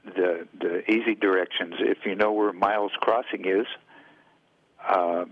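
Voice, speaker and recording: Deep-voiced man, dull radio sound. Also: fairly even intonation, measured pace, no room sound. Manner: hesitant, many fillers and restarts. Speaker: guest, dance caller. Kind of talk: casual radio interview.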